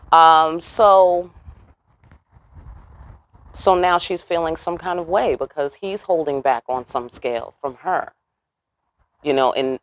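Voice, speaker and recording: A woman's voice: dry recording, poor audio. A woman giving a casual tarot reading, cursing freely, throwing in slang and often asking the listener if they get what she means. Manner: profane, slangy, keeps checking in with the listener; swoops high and loud for emphasis. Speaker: tarot reader.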